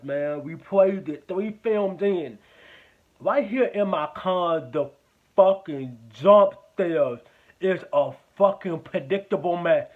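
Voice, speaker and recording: A man's voice: sits high, phone-quality sound. A man giving a casual spoken movie review, rambling, swearing often and repeating himself.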